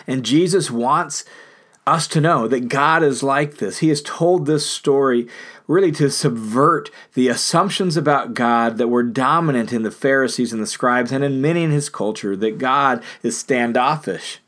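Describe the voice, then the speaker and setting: A man's voice: medium pitch, normal speed, a bit bright. A man preaching a sermon, retelling a parable in an earnest storytelling manner with emphatic repetition. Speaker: pastor.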